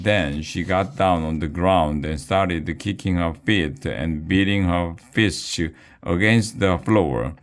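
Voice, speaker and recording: A man with a very low voice reads a children's chapter book aloud. His delivery is slow and deliberate, each phrase laid out evenly. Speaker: reader.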